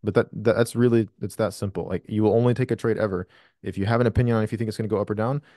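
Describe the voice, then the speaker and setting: A man's voice: fairly low pitch, steady tone, very fast, mellow, dry recording, studio quality. A man hosting a live trading question session over a video call, blunt and profane with emphatic explanations. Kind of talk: live Q&A coaching.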